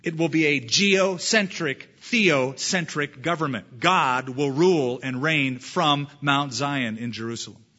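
A man's voice: a little high, unhurried, hardly any pauses, bright, forceful tone, lo-fi sound. A man pastor preaching a sermon, reading scripture aloud with emphatic delivery.

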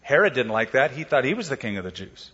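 A man's voice: medium pitch, sing-song, quick pace, a bit bright, breathy edge, big-room sound, dull audio. A man preaching a sermon, explaining scripture in a casual storytelling way and acting out the quotes. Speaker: pastor.

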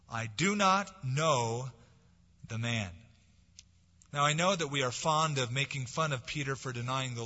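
A man preaching a sermon, swinging from forceful, dramatic lines to soft, hushed ones. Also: medium pitch. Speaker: pastor. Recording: dull lo-fi sound with long hall reverb.

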